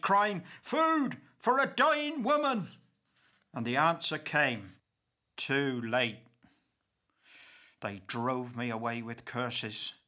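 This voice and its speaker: A man's voice: fairly high pitch, bright, forceful tone, heavily acted. A man reciting as a bitter old pauper. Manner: slow, declamatory and impassioned. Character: old grieving male pauper, bitter and accusing. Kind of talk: dramatic verse recitation.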